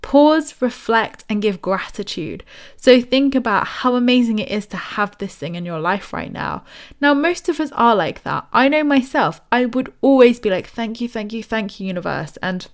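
A woman's voice: fairly high pitch, animated, moderate pace. Chatty, enthusiastic young woman. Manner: chatty, enthusiastic, acts out quoted voices. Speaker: spiritual author and podcast host. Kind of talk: casual motivational talk.

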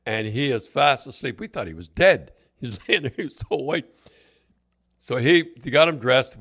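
A man's voice: mid-range voice, fairly bright tone. Older man telling rambling stories. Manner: rambling, laughing, repeats words. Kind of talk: casual anecdotal storytelling.

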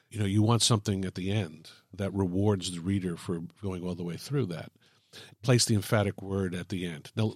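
A man teaching writing, talking thoughtfully and illustrating each point with examples in a relaxed podcast chat. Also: fairly low pitch, no room sound, clean studio sound. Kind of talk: explaining on a podcast.

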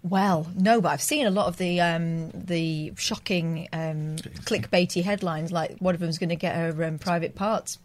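A woman co-hosts a radio show in a fairly low voice. She drops in dry, quick-witted remarks between the others' chatter. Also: fairly even intonation, slight background noise. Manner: wry, quick quips. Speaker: radio co-host. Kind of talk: casual radio banter.

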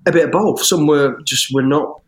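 A middle-aged man, an interview guest telling his life story in an animated, rambling way with restarts and swearing. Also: a little high, moderate pace. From English West Midlands. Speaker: interview guest, former soldier. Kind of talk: storytelling in conversation.

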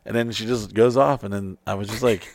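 A man's voice: fairly low pitch, fairly even intonation, brisk. A man hosting a casual podcast, talking in a brash, boastful, profane way.

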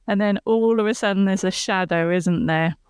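A woman's voice: medium pitch, normal speed, a little mellow, smooth, dry recording, clean studio sound. A woman chatting casually on a podcast, retelling a TV episode scene by scene. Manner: chatty, retelling scenes with laughs and quoted lines.

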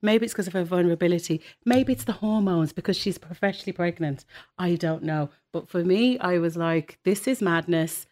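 A woman's voice: on the low side, normal speed. A woman in casual chat about a TV series, giving frank opinions and quoting the characters. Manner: opinionated, lively, quotes characters. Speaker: podcast co-host.

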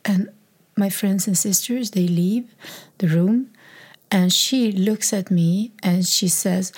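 Swedish-accented woman, slow halting testimony, voice strained and emotional, slips into whispers. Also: medium pitch, steady tone, breathy edge. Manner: halting, restarts often, drops to a soft whisper. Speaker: speaker sharing a personal story. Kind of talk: personal testimony.

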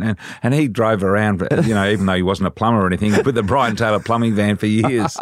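A man's voice: on the low side, fast talker, hardly any pauses, no room sound, clean studio sound. Older Australian man telling yarns. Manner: laid-back anecdotal, chuckles while telling. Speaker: guest. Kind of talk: casual storytelling interview.

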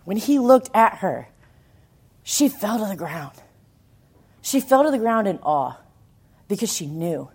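A woman preaching a sermon, telling the story in an animated way, with emphatic lines that swing from loud to hushed. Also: mid-range voice, measured pace, long pauses, breathy edge.

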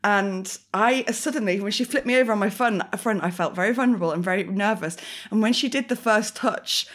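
A woman's voice: medium pitch, brisk. Chatty young woman, pregnant. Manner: rambling, animated storytelling with frequent fillers. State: eight months pregnant. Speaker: podcast co-host. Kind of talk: casual chat.

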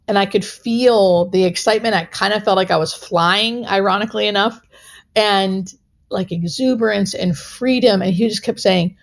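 A woman's voice: mid-range voice, moderate pace, gravelly. A woman hospice nurse telling a personal story in an interview, earnest and emotional, with many filler words.

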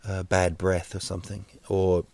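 A man with a New Zealand accent hosting a solo podcast, rambling deadpan jokes with many fillers and restarts. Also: low-pitched, moderate pace, creaky, no echo. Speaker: podcast host. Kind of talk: solo comedic podcast monologue.

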